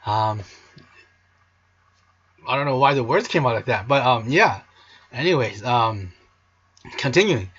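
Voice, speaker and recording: Slow, playful man teaching a language. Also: medium pitch, animated, fairly bright tone, breathy edge, soft background music. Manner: cheesy, playful, bursts into song. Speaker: language teacher, video host. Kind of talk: casual video lesson.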